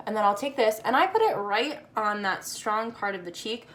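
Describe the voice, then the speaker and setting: A woman's voice: medium pitch, animated, normal speed, a bit bright. A woman casually talking through a makeup tutorial, chatty and playful with slangy asides.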